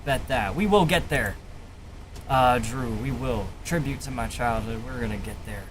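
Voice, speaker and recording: A young man hosting a live music review stream, talking in an excitable, profane, rambling way full of fillers. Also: medium pitch, normal speed, a little hiss or hum. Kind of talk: casual live-stream commentary. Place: home streaming setup, wearing headphones.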